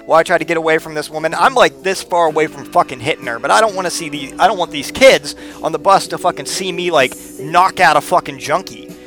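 A man's voice: fairly high pitch, a little fast, a bit bright, faint music behind. A man in his thirties telling a personal story in a rambling, profane way, often repeating words. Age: 30s.

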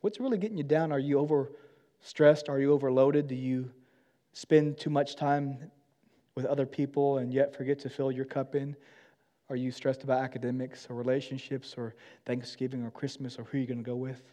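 A young man preaching a sermon to students, swinging from quiet, intimate appeals to loud, urgent pleas. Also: mid-range voice, fairly even intonation, normal speed. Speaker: campus minister.

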